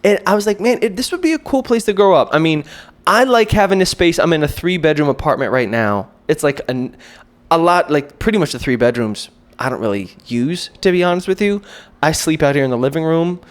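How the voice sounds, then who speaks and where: A man in his thirties telling a story in a casual vlog, animated and self-mocking. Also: a little high, fairly quick. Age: 30s. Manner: animated, self-mocking, quotes himself in acted voices. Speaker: vlogger.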